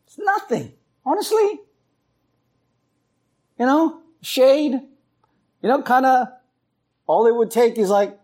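A man's voice: extremely high pitch, takes it slowly, long pauses. A man preaching a sermon, telling stories and acting out voices as he goes. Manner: animated storytelling, acts out voices. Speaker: pastor.

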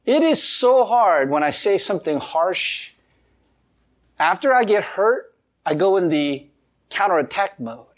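Male pastor mid-sermon; very lively, swooping pitch, expressive and animated. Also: a little slow. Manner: animated preaching with laughs and acted-out quotes.

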